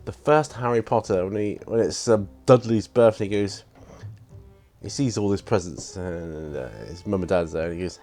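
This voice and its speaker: Enthusiastic man in his fifties, low voice. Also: fairly even intonation, moderate pace, warm tone, faint music behind. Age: 50s. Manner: enthusiastic and rambling, with many fillers. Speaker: hobby vlogger. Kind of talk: casual unboxing vlog.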